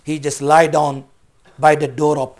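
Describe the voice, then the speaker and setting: Male preacher, high voice, impassioned storyteller, earnest sermon delivery. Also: a little slow. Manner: impassioned, animated storyteller, later calm and earnest.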